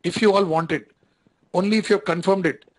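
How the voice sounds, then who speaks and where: A man's voice: sits high, fairly even intonation, a little fast, rough recording. A man with an Indian English accent giving an online lecture, talking conversationally, repeating phrases and checking whether students follow.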